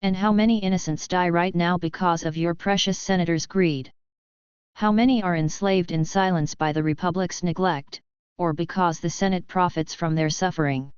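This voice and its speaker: A woman's voice: fairly low pitch, fairly even intonation, normal speed, darkish tone, clear, resonant tone, no echo, lo-fi sound, natural voice. A woman voicing a furious young fallen knight. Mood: defiant. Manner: angry, bitter. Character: furious young man turned to darkness.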